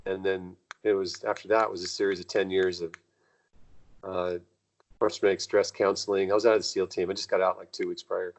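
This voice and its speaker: A man's voice: little pitch movement, fairly quick, low-quality recording. A man, a guest in an interview, telling long rambling stories in a casual way and acting out the people he quotes. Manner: rambling, acts out quoted dialogue with jumps in pitch. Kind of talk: casual conversational storytelling.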